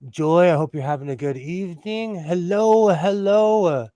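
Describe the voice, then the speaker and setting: A man's voice: on the high side, expressive, measured pace, clear, resonant tone, dry recording, studio quality. Chatty man hosting a sewing livestream. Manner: chatty, laughs often, greets viewers warmly. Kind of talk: casual livestream chat.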